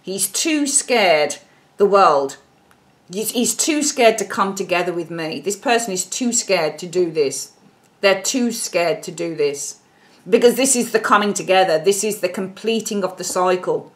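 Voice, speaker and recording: Blunt, swearing tarot reader. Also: female voice, medium pitch, a little slow. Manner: blunt, earthy and animated, swears freely. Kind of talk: casual tarot reading.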